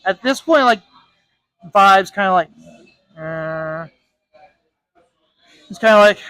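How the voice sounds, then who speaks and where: A comic artist spins a story while he draws, stumbling over restarts and repeating himself as he goes. His voice sits high for a man. It is recorded dry and close, with no room echo. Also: lively intonation, slow, long pauses, bright, forceful tone. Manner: rambling, with frequent restarts and repeated words. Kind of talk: casual storytelling while drawing.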